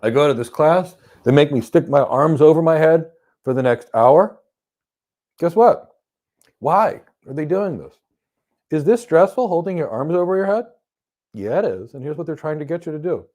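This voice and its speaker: A man giving a motivational talk on stress, telling stories with emphatic bursts that drop to soft, calm lines. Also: fairly high pitch, moderate pace. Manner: animated storyteller, swings from loud emphasis to soft calm. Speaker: host. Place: lives in Florida.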